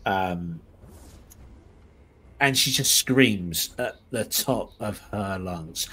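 Slow, low-voiced man running a tabletop game. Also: animated, bright, forceful tone. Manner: halting, with frequent ums and self-corrections. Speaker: game master.

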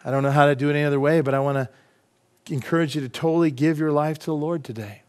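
A man's voice: a little high, steady tone, very fast, darkish tone, clean tone. A middle-aged man preaching a sermon as pastor, impassioned, often asking the congregation questions.

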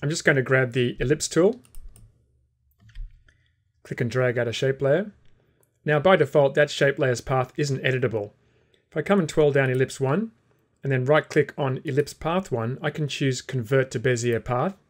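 A man teaching a software tutorial, calmly explaining each step while he clicks through the program. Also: medium pitch, moderate pace. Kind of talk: screen-recorded software tutorial.

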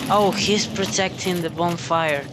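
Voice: medium pitch, very noisy. A gamer casually narrating a play session, reacting aloud, swearing and calling out "mate" often. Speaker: gameplay commentator. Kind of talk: casual let's-play commentary. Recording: loud game music under voice.

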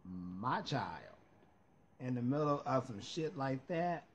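A man hosting a casual chat, swearing freely, excitable and loud when reacting to gossip. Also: medium pitch, slow pace, husky, lo-fi sound. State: high, burping. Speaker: host.

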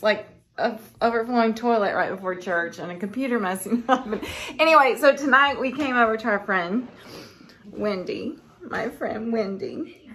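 A woman's voice: a little high, fairly bright tone, low-quality recording. A woman chatting casually in her farm vlog, laughing often and talking straight to her handheld phone. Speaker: farm wife vlogger.

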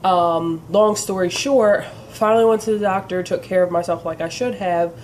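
A woman's voice: on the low side, fairly even intonation, normal speed, a little mellow, a little hiss or hum. A woman vlogging to camera in an earnest, encouraging way. Her voice sounds congested and nasal from a sinus problem, and she fills her talk with "um" and "you know". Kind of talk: casual direct-to-camera chat.

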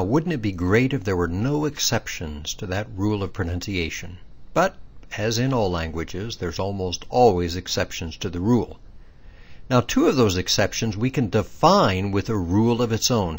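A man's voice: fairly low pitch, husky. A man teaching pronunciation step by step, in a patient, explaining way with little quiz questions. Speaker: language teacher. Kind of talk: recorded pronunciation lesson.

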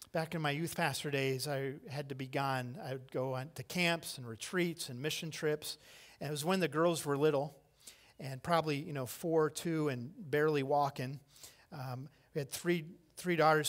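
A middle-aged man, pitched fairly high, gives a sermon as pastor. He narrates with lively energy, voicing the people in the story himself.

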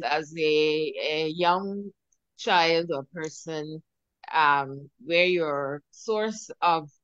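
A woman's voice: deep voice, fairly bright tone, dry recording. A woman hosting a podcast interview who speaks hesitantly, with many filler sounds. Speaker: podcast host. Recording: dry, dull lo-fi sound.

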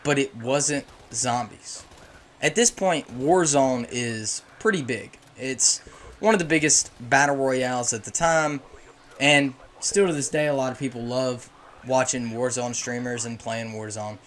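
A man's voice: medium pitch, measured pace, a bit bright, slight background noise. Opinionated young man ranting about games. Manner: opinionated and ranting, with emphatic swings. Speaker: gaming YouTuber. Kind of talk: casual commentary.

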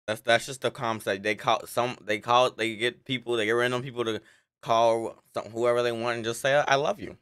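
A man's voice: medium pitch, moderate pace, clean tone. A young man hosting a casual reaction video, chatting animatedly about what he watches. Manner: animated, chatty, breaks into laughs.

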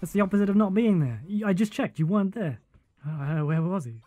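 A man's voice: high voice, lively intonation, fairly quick, dark tone, no room sound, faint music behind. A man giving live, jokey commentary while he plays a video game, exclaiming and laughing often. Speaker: game streamer.

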